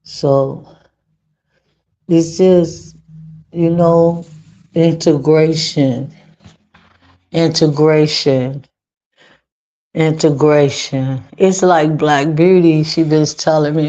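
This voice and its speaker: Slow, flat-voiced woman livestreaming. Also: sits low, lo-fi sound. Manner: earnest, repeats phrases for emphasis. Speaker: livestream host. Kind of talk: casual livestream monologue.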